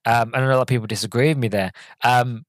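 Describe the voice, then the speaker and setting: A man chats through a film review on his podcast, wandering from scene to scene with frequent fillers and false starts. His voice sits at a middling pitch. The recording is close and dry, with no room sound. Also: fairly even intonation, fast talker, no echo. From Britain. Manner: rambling, with many fillers and restarts, retelling scenes in quoted voices. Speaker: podcast host.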